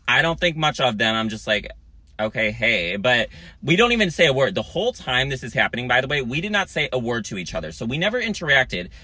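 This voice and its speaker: Sassy male vlogger, dramatic, profane storyteller, bright edge, mid pitch. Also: very animated, a little fast, no room sound. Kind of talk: storytime monologue.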